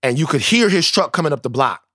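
A male podcast co-host from Louisiana telling stories in casual, profane, animated chat. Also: on the high side, fast talker, husky, no room sound, studio quality. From Louisiana, United States.

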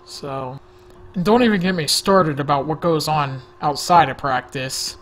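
A man's voice: on the high side, unhurried, fairly bright tone. A man telling a rambling, jokey story-time vlog into a desk microphone, often sidetracking himself. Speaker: vlogger.

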